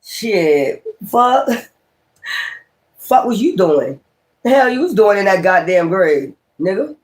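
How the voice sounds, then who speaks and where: A man's voice: high-pitched, very animated, takes it slowly, pauses often. A man giving a casual tarot reading, talking in a profane, exclamatory, rambling way. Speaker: tarot reader.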